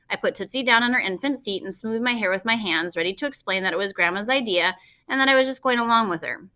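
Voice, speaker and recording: A woman reads a children's novel aloud in the first person with a lively, expressive delivery. Her voice is bright and pointed, at a middling pitch. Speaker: audiobook narrator. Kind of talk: first-person storybook narration.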